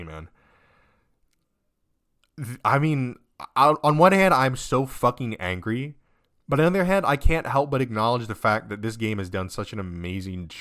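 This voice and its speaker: Young man, let's-play commentary, heavy swearing, upset and near tears, pitch swinging up and down. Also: expressive, a little slow, a bit bright. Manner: swears constantly, rants and trails off. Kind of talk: emotional game commentary.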